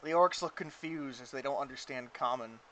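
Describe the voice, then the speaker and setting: A man's voice: medium pitch, fairly quick, sharp tone. A man narrating a tabletop game as game master, rambling casually with lots of "like.". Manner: rambling, full of "like" fillers.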